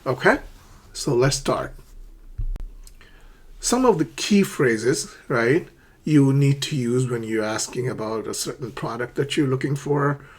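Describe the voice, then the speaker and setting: A man's voice: mid-range voice, lively intonation, a little slow, pauses often, breathy edge. A man teaching English phrases for shopping, explaining step by step and acting out short shop dialogues, with many check-ins like "okay". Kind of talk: English lesson for learners.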